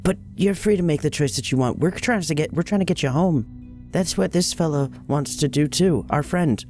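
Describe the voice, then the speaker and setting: A man's voice: fairly high pitch, normal speed, darkish tone, soft background music. A man playing a tabletop game who talks casually and persuasively, trying to talk a character around. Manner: persuasive, easygoing. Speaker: player.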